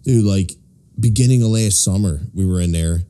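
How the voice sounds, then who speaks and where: A man's voice: sits low, normal speed, mellow, clean tone. A young man from Philadelphia, hosting a casual podcast, telling rambling work stories full of swearing and acted-out quotes. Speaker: podcast host. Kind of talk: casual chat, storytelling.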